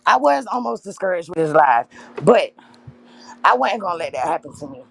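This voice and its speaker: Impassioned gravelly-voiced woman livestreaming. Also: fairly low pitch, very animated, a little fast, no room sound. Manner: impassioned, addresses viewers as y'all. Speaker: livestream host. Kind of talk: emotional livestream talk to viewers.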